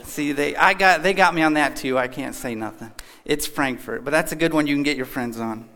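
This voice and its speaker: A man from Kentucky speaks to a church crowd in a loose, chatty way, cracking jokes as he goes. His voice sits a little on the high side. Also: brisk, bright, forceful tone. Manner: chatty, joking, folksy. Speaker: guest speaker. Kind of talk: casual church talk with jokes. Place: church hall.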